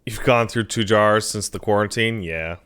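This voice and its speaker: A man's voice: lowish voice, normal speed, a bit bright, clear, resonant tone. A man streaming from home on a desk mic, chatting casually to his cat with profane, mock-scolding banter. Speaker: game streamer. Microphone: desk mic on a stand.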